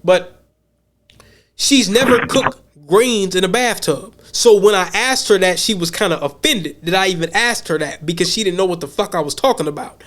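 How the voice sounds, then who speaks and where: A man's voice: sits high, normal speed, a bit bright. An American man hosting a podcast, talking casually in a blunt, profane way, often repeating words as he thinks. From United States. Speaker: podcast host.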